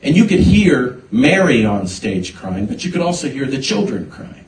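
A man preaching a sermon, telling a personal story with halting restarts before building to emphatic points. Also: medium pitch, big pitch swings, slight background noise. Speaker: pastor. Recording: echoey hall, voice from a distance.

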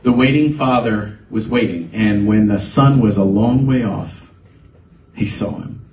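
A man's voice: lowish voice, unhurried, a little mellow, a little hiss or hum. A man preaching a conversational sermon as a pastor, building to emphatic bursts. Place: church sanctuary. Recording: echoey room, voice from a distance, faint ambience.

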